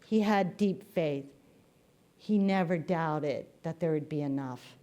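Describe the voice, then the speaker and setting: A woman's voice: sits low, takes it slowly, mellow, dull audio. A woman minister giving a sermon in a conversational, storytelling manner.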